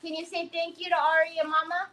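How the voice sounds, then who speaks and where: A woman's voice: very high voice, flat delivery, fast talker, fairly bright tone. A woman hosting a crafting livestream in casual chat, playfully teasing and fondly scolding a pet while she works.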